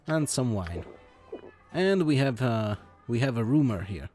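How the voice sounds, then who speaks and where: A man commenting on a video game he plays, reading the game's text aloud in his own plain voice and talking in a halting way, with many fillers and restarts. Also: medium pitch, sing-song, a little mellow, faint music behind. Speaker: let's play host.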